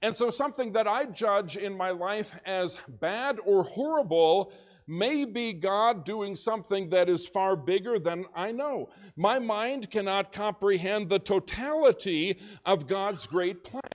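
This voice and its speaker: A man preaching as a pastor, telling a story in an animated way and shouting when excited, in a church. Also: high voice, unhurried, highs cut off. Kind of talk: storytelling sermon. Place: church sanctuary.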